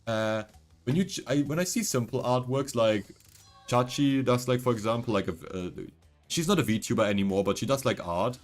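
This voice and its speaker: A man's voice: medium pitch, normal speed. A man speaking English as a second language chats casually on a game stream in a mid-range voice. He rambles and thinks aloud, with plenty of "like" and "you know". Faint game music sits underneath. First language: not English. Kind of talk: casual gaming stream chat.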